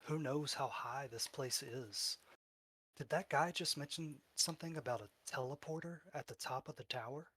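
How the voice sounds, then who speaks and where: A man's voice: medium pitch, normal speed, a bit bright, breathy edge, no echo. A man narrating a tabletop game as game master, describing scenes loosely with fillers.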